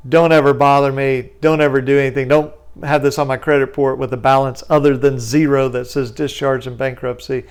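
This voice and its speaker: A man's voice: medium pitch, brisk, hardly any pauses, clear, resonant tone. A man, a lawyer explaining bankruptcy debt in casual talk and acting out his phone calls in a raised voice. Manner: lively storytelling, acts out phone calls in a raised voice.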